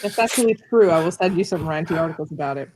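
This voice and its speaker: A woman's voice: deep voice, animated, very fast, a little mellow. An American woman co-hosting a podcast, talking in an enthusiastic, playful, chatty way. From United States. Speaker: podcast co-host. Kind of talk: casual chat. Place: bedroom at a relative's house.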